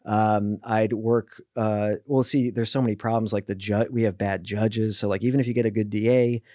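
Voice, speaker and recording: A man talking as a podcast guest, telling blunt, animated stories with lots of fillers and restarts. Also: fairly low pitch, normal speed, dry recording, studio quality. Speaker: guest, author. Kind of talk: casual podcast conversation.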